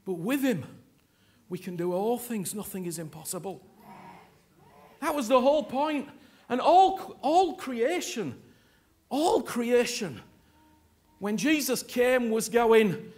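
A man's voice: very high voice, lively intonation. A man preaching a sermon, impassioned and emphatic, urging his congregation to respond and repeat after him. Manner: slow and emphatic, with sudden loud peaks.

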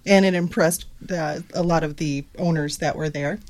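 A woman's voice: low-pitched, fairly even intonation, moderate pace, a little mellow. A woman co-hosting casual radio talk, recounting events in a plain, hesitant way with fillers. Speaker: paranormal investigator co-host.

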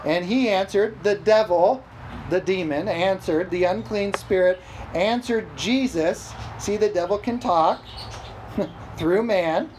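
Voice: mid-range voice, takes it slowly, darkish tone, a little hiss or hum. Emphatic preacher calling for amens. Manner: emphatic, calls for "amen?" responses; repeats phrases for emphasis. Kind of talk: sermon.

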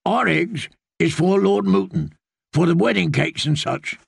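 A man's voice: sits high, animated, unhurried, vocal fry, breathy edge, no room sound, clean studio sound, pitched above the performer's own voice, full character voice. A man doing a meek old farmer. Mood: protesting. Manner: meek, deferential. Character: humble older male farmer.

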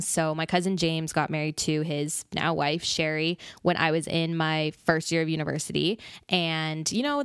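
Low-voiced chatty young woman podcaster. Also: gravelly, no echo, clean studio sound. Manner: chatty, frequent "like" fillers, sings snippets. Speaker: podcast host. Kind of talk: solo casual music talk.

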